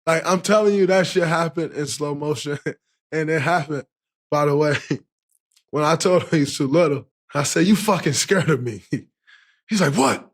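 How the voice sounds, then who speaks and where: A man in his thirties hosting a podcast, telling a story in a casual, animated way, with lots of laughter and swearing. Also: fairly high pitch, a little slow, pauses often. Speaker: podcast host.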